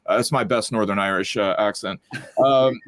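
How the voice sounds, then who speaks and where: A man's voice: fairly low pitch, moderate pace, a bit bright, dry recording. Wry male panel host. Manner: wry, joking. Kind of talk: panel discussion.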